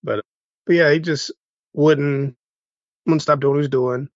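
A man's voice: on the high side, steady tone, unhurried, no room sound, highs cut off. A man co-hosting a casual movie review podcast, recapping plots in an easygoing way with chuckles. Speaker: podcast co-host.

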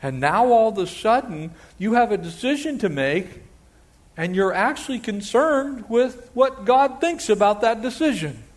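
A pastor preaching a sermon in an animated way, slipping into quoted voices and playful asides. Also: male voice, high-pitched, measured pace.

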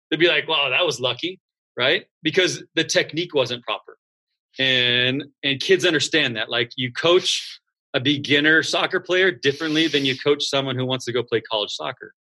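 A man who founded a school, talking in a relaxed interview and acting out students and coaches in quick voices. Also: medium pitch. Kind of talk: casual interview talk.

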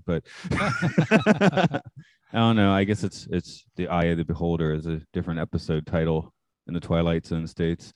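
Low-voiced man hosting a podcast. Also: dry recording. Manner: easygoing, laughs often, halting fillers. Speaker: podcast host. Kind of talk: casual podcast chat.

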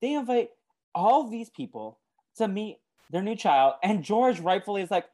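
A man co-hosting a podcast in casual chat, wry and blunt, quick to swear. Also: high-pitched, very animated, darkish tone. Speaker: podcast co-host.

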